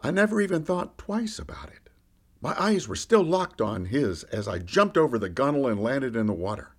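A man of mid-range pitch, speaking at normal speed, performs a first-person monologue as a candid fisherman disciple telling his own story. The podcast storyteller's delivery is lively, swelling and dipping with the action.

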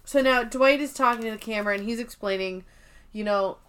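A woman's voice: a little high, fairly quick, smooth. A woman co-hosting a podcast, casually recapping an episode and acting out characters' lines with a lot of energy. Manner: animated retelling, acts out characters' lines; swears casually. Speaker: podcast co-host.

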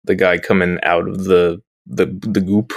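A man in casual chat who adds short, low-key comments. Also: level tone, a little slow, gravelly, no echo, clean studio sound.

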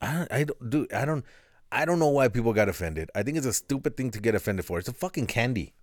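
A man's voice: medium pitch, lively intonation, quick pace, dry recording, studio quality. A young adult man in casual podcast chat, joking, swearing and laughing often. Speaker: podcast co-host.

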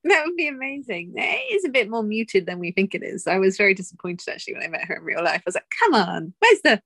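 A woman's voice: medium pitch, animated, fast, a bit bright, no room sound. A woman co-hosting a podcast, chatting casually about a film, teasing and laughing often. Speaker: podcast co-host. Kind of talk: casual film review chat.

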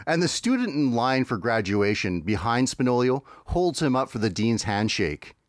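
A man chatting casually on a podcast, recapping cartoon plots with dry asides and frequent laughs. His pitch moves a lot as he talks. The sound is close and dry, with no room echo. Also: very animated, a little slow. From Canada. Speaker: podcast co-host. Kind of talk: casual chat, summarizing cartoons.

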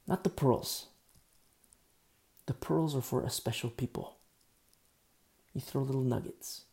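A man preaching a sermon, telling stories in a conversational and emphatic way. His voice is strongly gravelly, with a warm, dark tone. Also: medium pitch.

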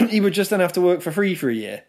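A man's voice: high voice, very animated, a little fast, a little mellow. A man co-hosting a podcast, talking casually and laughing often as he goes. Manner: chatty, laughs often, talks over his co-host. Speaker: podcast co-host. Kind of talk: casual chat.

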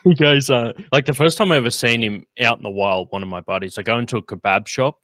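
A man's voice: mid-range voice, fast talker, fairly bright tone, dry recording. A man hosting a podcast in casual chat, rambling with lots of fillers and frequent laughs. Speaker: podcast host.

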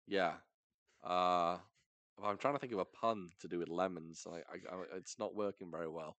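A man's voice: low-pitched, normal speed, a bit bright, dry recording. A man co-hosting a podcast in casual chat, stammering a little while he thinks. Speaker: podcast co-host.

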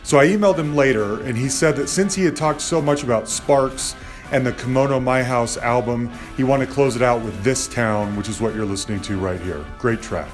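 A man's voice: mid-range voice, fairly quick. A male podcast host who talks casually, agreeing readily and rambling with many fillers. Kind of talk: casual podcast chat and outro. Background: music.

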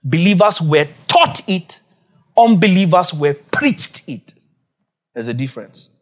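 A man preaching a Bible teaching, asking his audience questions, repeating key phrases, and swinging between quiet low asides and loud emphatic peaks. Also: big pitch swings, a little slow. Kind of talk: sermon-style Bible teaching.

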